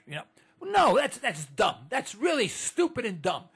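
A man's voice: very high voice, huge pitch swings, normal speed, vocal fry, a bit bright, slightly rough. A man giving an indignant, rambling monologue as a host, often restarting his sentences. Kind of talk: monologue to listeners.

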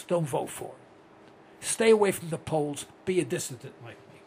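A man's voice: a little high, expressive, fairly quick, vocal fry, mellow, a little hiss or hum. A man in his sixties hosting a rambling, blunt talk radio monologue. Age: 60s. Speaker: host.

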